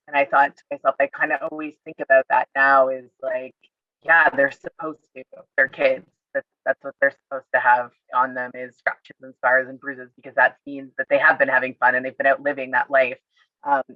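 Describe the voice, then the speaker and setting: A woman's voice: a bass voice, no room sound, lo-fi sound. A woman who works as an outdoor educator, casually telling stories and acting out her talks with kids, full of "like" and "I said.". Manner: lively storyteller who acts out dialogue with kids; frequent "like" and "I said" fillers. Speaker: outdoor educator at a field center. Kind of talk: casual storytelling in an online educator forum.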